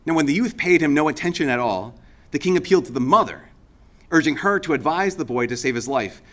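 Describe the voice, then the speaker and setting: Male priest, casual homily, animated storyteller, slightly high voice. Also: brisk. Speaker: Catholic priest. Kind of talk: conversational homily.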